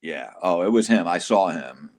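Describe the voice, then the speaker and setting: A man's voice: low voice, lively intonation, normal speed, darkish tone. A man telling an emotional personal testimony as an interview guest, casual and profane, acting out quotes dramatically.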